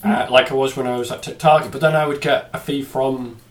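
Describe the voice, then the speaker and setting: Guy hosting a podcast, rambly and jokey, pokes fun at himself, mid-pitched voice. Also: fairly even intonation, a little fast. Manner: chatty, self-mocking joker. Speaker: podcast host. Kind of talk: casual podcast conversation.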